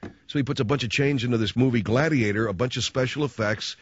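Talking fast with a slightly rough voice, a male show host rants sarcastically for comedy, alternating loud mockery with quiet muttered asides. The audio sounds dull.

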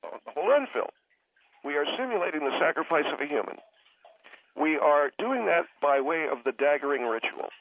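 Brief: patronizing male caller, slightly high voice, heard over a tinny phone line. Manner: condescending, keeps interrupting to calm the host. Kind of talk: radio call-in argument.

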